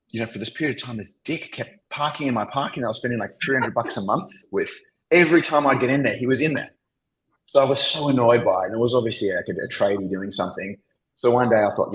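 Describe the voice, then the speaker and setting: A low-voiced Australian man telling a long story as a podcast guest. He rambles through his anecdotes, padding nearly every phrase with "you know" and "like". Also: a bit bright, a little hiss or hum, poor audio. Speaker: podcast guest, agency founder. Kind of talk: casual interview storytelling.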